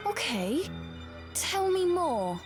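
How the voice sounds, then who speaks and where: A woman's voice: very high-pitched, big pitch swings, extremely slow, over music, exaggerated voice. Cereza, a wary young witch girl. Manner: earnest, skeptical, a bit timid. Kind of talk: video game cutscene acting.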